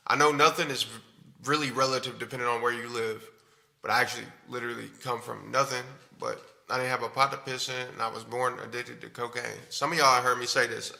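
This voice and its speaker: A man's voice: mid-range voice, gravelly, bright, forceful tone. A man streaming to his viewers, telling his story in a candid, rambling, profane way. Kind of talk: casual talk to stream viewers.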